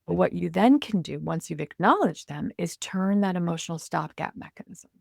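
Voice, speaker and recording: An expressive woman speaking as a coach in a conversational interview. Her voice sits low, with a noticeable gravelly fry. She is recorded in a dry, close space with no room echo. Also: moderate pace. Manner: animated and expressive, acts out inner self-talk. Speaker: podcast guest, communication coach.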